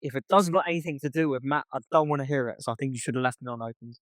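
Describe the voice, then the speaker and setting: A young man co-hosts a laid-back podcast, talking rapid-fire in a medium-pitched, fairly bright voice. He tells a story by reading texts aloud and swears a lot. The recording is dry.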